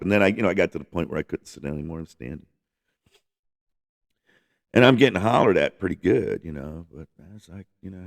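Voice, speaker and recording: A man's voice: deep voice, lively intonation, a little fast, creaky, long pauses. A man hosting a casual music podcast, rambling enthusiastically with lots of restarts and the odd swear. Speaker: podcast host.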